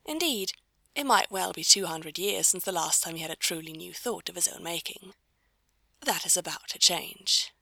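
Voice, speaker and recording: A woman reads a story aloud with a wry, measured delivery. Her low voice carries a gravelly edge and a bright, forward tone. The sound is dry and close. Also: dry recording. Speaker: narrator. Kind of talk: storybook reading.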